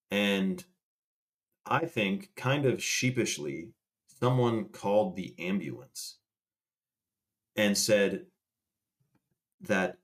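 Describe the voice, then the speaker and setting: A young man casually telling a rambling story to a live chat, swearing and restarting as he goes. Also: low-pitched. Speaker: livestream host.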